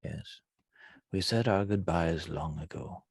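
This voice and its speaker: A man playing a gentle old father. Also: low-pitched, takes it slowly, gravelly, husky, no echo, full character voice. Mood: wistful. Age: older. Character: old human father saying goodbye, gentle.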